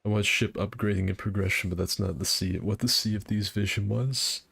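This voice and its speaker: Deep gravelly man streaming a game. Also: fairly even intonation, a little fast, fairly bright tone. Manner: rambling, self-deprecating chatter. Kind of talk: casual gameplay commentary.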